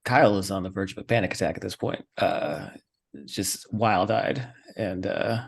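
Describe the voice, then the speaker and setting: A man's voice: low-pitched, steady tone, normal speed, creaky, slightly rough. A man playing a tabletop game, describing his character hesitantly with lots of fillers. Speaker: player.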